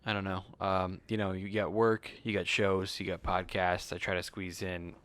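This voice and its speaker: A man hosting a podcast in casual chat, quick and full of fillers and restarts. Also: low voice, level tone, fairly bright tone. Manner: fast, full of fillers, restarts, and acted-out quotes. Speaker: podcast host.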